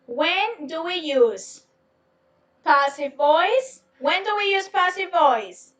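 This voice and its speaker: A woman teaching an online English class, slow and patient, repeating her questions to students. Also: very high-pitched, animated, a bit bright, far from the mic. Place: home, on a video lesson.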